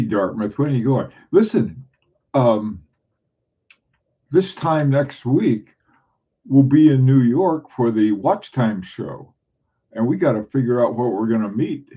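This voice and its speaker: A man's voice: mid-range voice, lively intonation, a little slow, dark tone, husky. A middle-aged man from southern New England chatting casually with viewers on a livestream, rambling with frequent restarts and chuckles. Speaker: livestream host.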